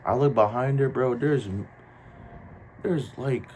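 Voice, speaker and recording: A young man from New Jersey with a New Jersey accent, telling a casual storytime in slangy, animated talk. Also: mid-range voice, slow, slight background noise.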